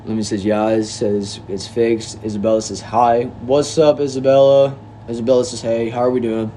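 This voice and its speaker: A young man talks casually on his livestream. He reads viewers' messages aloud and answers each one in a relaxed, friendly way. A faint hum sits under his voice. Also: medium pitch, normal speed. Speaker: livestream host reading chat.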